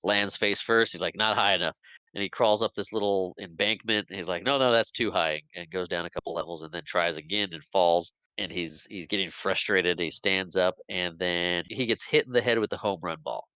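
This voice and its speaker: A man's voice: low-pitched, a little fast, few pauses, clear, resonant tone, no echo. A man hosting a podcast, casually retelling a movie plot, acting out characters' lines and laughing often. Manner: animated retelling, acts out quotes, laughs often. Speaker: podcast host. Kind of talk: casual movie recap chat.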